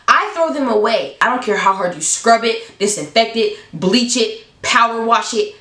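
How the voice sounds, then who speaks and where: A woman vlogger telling a story in a casual, blunt, animated way, leaping up in pitch for emphasis. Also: normal speed, reverberant.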